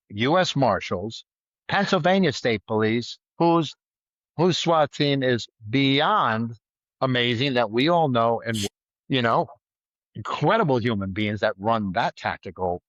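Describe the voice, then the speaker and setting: A middle-aged man, a retired trooper, telling a story in a blunt, vivid way, loudly acting out the lines of the people he quotes. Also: mid-range voice, no echo, lo-fi sound. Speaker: retired state trooper guest. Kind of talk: casual storytelling in a podcast interview.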